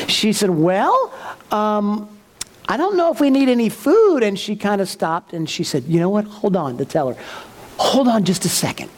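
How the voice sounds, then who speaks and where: A pastor with a high-pitched voice preaches a sermon, telling a story with lots of animation. He acts out the voices of the people in it.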